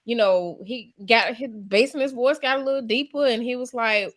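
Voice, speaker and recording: A woman co-hosting a podcast in casual chat, speaking in a measured way and often restarting her sentences. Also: fairly high pitch, fairly bright tone. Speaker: podcast co-host.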